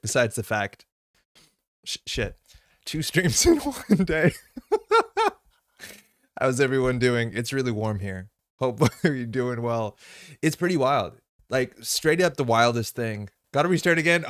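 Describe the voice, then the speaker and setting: A young man hosting a live stream in a loose, chatty way, greeting viewers and laughing often. His voice sits at a middle pitch. The recording is dry and close, with no room sound. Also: a bit bright, dry recording. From Montreal. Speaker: streamer reading chat. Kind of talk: casual live-stream chat.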